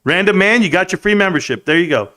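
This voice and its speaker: A man's voice: high-pitched, lively intonation, quick pace, pushed and bright. A man in his thirties hosting a live stream, reading chat aloud and joking in a rambling, casual way. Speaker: livestream host.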